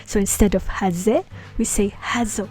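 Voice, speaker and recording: A woman's voice: mid-range voice, unhurried, mellow, faint music behind. A woman teaching a Hebrew lesson, patiently explaining grammar step by step with many small fillers. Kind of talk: explaining slides in a language lesson.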